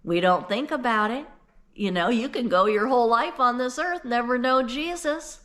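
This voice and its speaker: A woman's voice: medium pitch, a bit bright. Folksy older woman telling Bible stories. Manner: folksy, conversational, earnest. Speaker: Bible teacher. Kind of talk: casual Bible storytelling.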